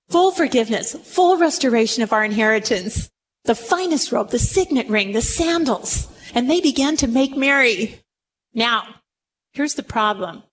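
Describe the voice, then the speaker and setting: A woman preaching a sermon to a room, retelling a story with animated, dramatic delivery. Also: on the high side, a little hiss or hum, rough recording. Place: room with audience.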